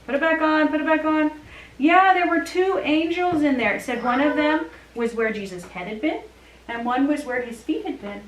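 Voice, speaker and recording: A woman teaching a children's church lesson, telling a Bible story to kids in an animated storytelling way. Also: high voice, normal speed. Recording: echoey room.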